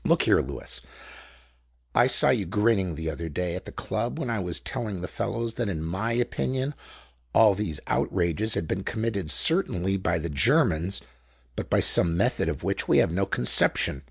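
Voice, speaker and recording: A man doing a calm, insistent gentleman. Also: on the low side, normal speed, gravelly, breathy edge, dry recording, clean studio sound, full character voice. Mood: earnest. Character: calm, earnest gentleman theorist.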